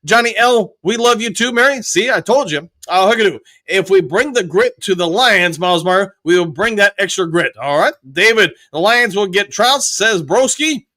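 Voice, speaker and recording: A man's voice: high-pitched, expressive, moderate pace, few pauses, bright, forceful tone, no room sound. A man from Michigan hosting a live fan show, reading viewers' chat messages aloud and answering them. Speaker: host.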